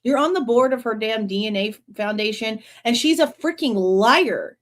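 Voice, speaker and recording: Slightly high-voiced woman reading a true crime book on stream, cuts in with blunt swearing rants. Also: expressive, normal speed. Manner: blunt, swears, sarcastic asides; reads quoted passages, then breaks off to comment. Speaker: true crime livestream host. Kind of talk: reading a book aloud with live commentary.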